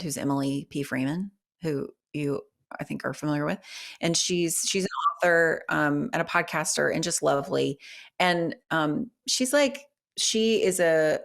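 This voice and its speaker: Middle-aged woman, kinda low voice, chatty guest rambling and thinking out loud. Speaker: author and guest. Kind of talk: casual interview chat.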